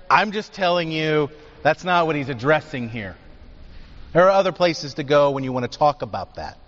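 A man's voice: a little high, fairly bright tone. A man preaching a sermon, teaching emphatically and asking his listeners rhetorical questions. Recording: dull sound with long hall reverb.

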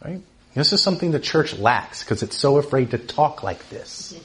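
Animated man teaching the Bible. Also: moderate pace. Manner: animated, often asks "right?", rises in pitch for emphasis.

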